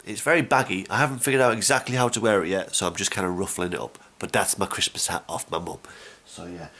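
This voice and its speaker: A man's voice: sits low, steady tone, quick pace, sharp tone. A young man with a stuffy, slightly nasal voice from a cold, chatting casually and rambling to the camera at home. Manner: rambling, chatty, many fillers. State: congested, stuffy nose. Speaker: gaming vlogger.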